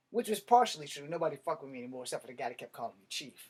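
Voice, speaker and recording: Man, slightly high voice, blunt, profane, animated storytelling. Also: racing, few pauses, slight background noise. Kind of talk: casual storytelling monologue.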